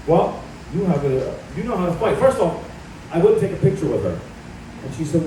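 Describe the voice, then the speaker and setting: A man's voice: a little high, lively intonation, brisk, background noise. A middle-aged man giving a combative campaign speech at an event, telling stories about himself. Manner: combative, storytelling. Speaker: political candidate. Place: event hall. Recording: echoey hall from far off.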